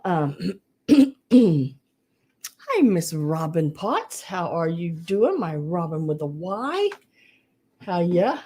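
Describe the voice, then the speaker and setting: A woman's voice: low voice, lively intonation, slow, pauses often, mellow. A woman with a Southern US accent hosting a live vintage sale stream, chatting casually and greeting viewers by name. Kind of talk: casual livestream chat.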